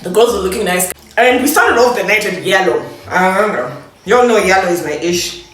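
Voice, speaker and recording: A woman's voice: mid-range voice, expressive, fairly quick, fairly bright tone. A young woman, chatting and laughing as she tells a storytime vlog while eating. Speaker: vlogger. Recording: echoey room, distant mic, faint noise.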